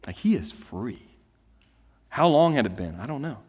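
A man preaching a sermon, reading scripture and then explaining it in a lively, conversational storytelling way. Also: medium pitch, moderate pace, husky, in a large hall. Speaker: pastor.

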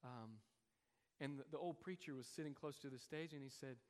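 A pastor preaches a sermon to his congregation, telling a story in an earnest, heartfelt way. His mid-range voice is a little fast and darkish, carried by the long reverb of a large hall.

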